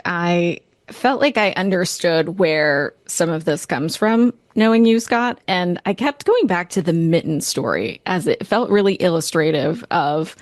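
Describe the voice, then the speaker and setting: A woman's voice: fairly low pitch, no room sound, studio quality. A woman hosting a podcast interview, asking questions in a conversational way. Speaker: podcast host.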